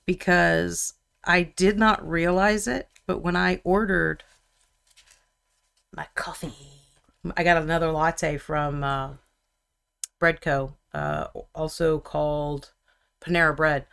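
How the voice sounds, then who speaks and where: A woman's voice: sits low, steady tone, takes it slowly, gravelly, fairly bright tone, clear, resonant tone. A woman chatting casually and teasing her co-host while she paints miniatures on a live stream. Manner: chatty and teasing, often laughing.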